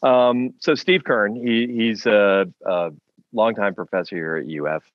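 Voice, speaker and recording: A man's voice: fairly low pitch, unhurried, no echo, muffled recording. A man hosting a radio webinar interview, asking questions with many hesitations. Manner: hesitant, filler-heavy questions. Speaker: radio host.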